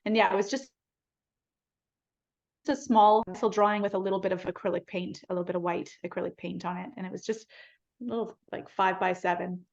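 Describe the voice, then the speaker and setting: A woman artist as an interview guest, speaking calmly about spirit and her work over dull call audio. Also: medium pitch, brisk. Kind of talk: casual interview chat.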